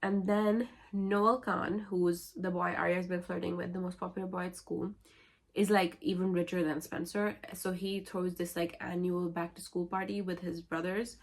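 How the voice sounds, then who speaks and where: A woman with a low voice retells novels in a casual vlog. Her delivery is wry and sarcastic, full of offhand asides. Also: level tone, moderate pace. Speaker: book vlogger. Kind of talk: casual book-summary vlog.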